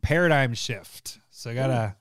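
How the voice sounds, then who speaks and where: A podcast co-host with a medium-pitched, fairly bright voice talks at normal speed with lively intonation. The studio sound is clean, with a clear tone and no echo. He jokes and laughs often in casual chat.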